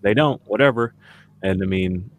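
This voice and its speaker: Co-hosting a casual sports podcast, a man rants with exasperation and fills his speech with fillers. His voice is on the low side, at a moderate pace.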